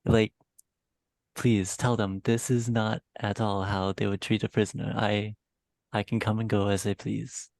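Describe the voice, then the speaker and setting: A man voicing a polite, formal young gentleman who speaks courteously in an online tabletop game. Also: on the low side, little pitch movement, a little slow, vocal fry, no room sound. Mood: pleading. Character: polite well-spoken young man, denying being royalty.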